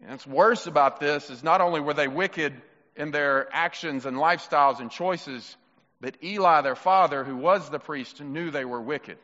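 A male pastor preaching a sermon in an animated, emphatic, conversational way. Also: a little high, moderate pace, big-room sound, lo-fi sound.

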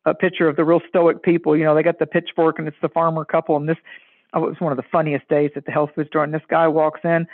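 A man with a high-pitched voice chats loosely and tells stories, slipping into the voices of people he quotes. His voice comes through a thin, narrow line, as if over a phone. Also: fast. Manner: animated, acts out quoted voices. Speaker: podcast guest. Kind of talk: casual storytelling chat.

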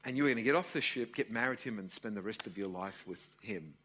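A man in his sixties with an Australian accent, preaching a sermon and telling a family story to his congregation in an animated storytelling manner. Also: lowish voice, fast, breathy edge. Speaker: pastor.

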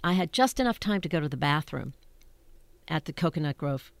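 An older woman, a stage actress, telling funny backstage stories in an animated, laughing way that keeps interrupting itself. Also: deep voice, fairly quick, vocal fry, dry recording. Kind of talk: anecdotal storytelling.

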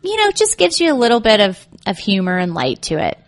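A woman's voice: medium pitch, huge pitch swings, quick pace. A woman executive coach chatting casually, acting out little quoted voices and laughing often. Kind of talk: casual advice chat.

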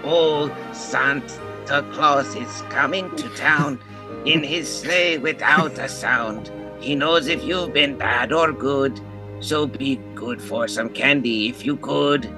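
A man's voice: on the high side, big pitch swings, measured pace, hardly any pauses, over music. A man voicing a cartoonish cereal ghost in a podcast skit, with a sly creeping purr. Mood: singsong spooky. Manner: sly creeping purr of an old film villain impression. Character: spooky blue ghost, soft and creepy.

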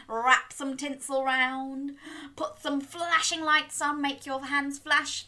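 A woman's voice: on the high side, fairly even intonation, slow pace, bright, forceful tone. A young woman reading a children's story aloud, sing-song and encouraging, gasping and inviting little listeners to join in.

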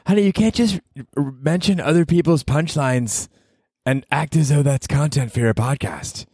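Man doing a high, bossy girlfriend voice for a comic podcast bit, teasing and nagging. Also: moderate pace, darkish tone, slightly rough, no room sound, studio quality. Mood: scolding.

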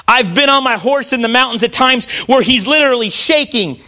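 A man's voice: very high-pitched, lively intonation, brisk, sharp tone. A man preaching a sermon as pastor, earnest and repetitive, often restarting his phrases.

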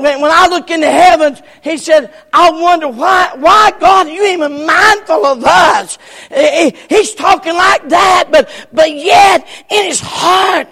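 A man preaching a revival sermon in a church, swinging from shouted lines to hushed, near-whispered ones. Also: extremely high pitch. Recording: church hall reverb.

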